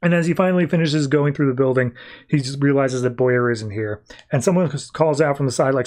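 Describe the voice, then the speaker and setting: A man's voice: medium pitch, brisk, darkish tone. Podcast host, man, casual recap delivery, mid-range voice. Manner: chatty, retells scenes. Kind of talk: casual comic book recap.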